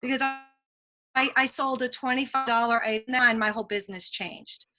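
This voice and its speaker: A woman's voice: a little high, steady tone, fairly quick, pushed and bright. A woman leading a team training call, telling earnest, motivational stories and taking questions from the chat. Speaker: sales team leader.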